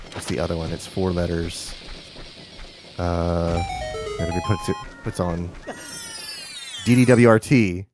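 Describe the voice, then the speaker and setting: A man's voice: fairly low pitch, background noise. A man hosting a live stream, chatting casually and telling rambling stories with quoted asides. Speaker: stream host. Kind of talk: casual chat while gaming. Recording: game music behind voice. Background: game music.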